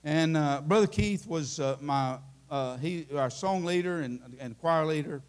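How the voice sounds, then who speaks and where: An older man preaching an impassioned sermon in a church, telling folksy stories and rising into shouts. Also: fairly high pitch, a little slow, smooth. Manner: impassioned, climbing into shouting at the peaks; folksy storytelling with many restarts. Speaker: Baptist preacher.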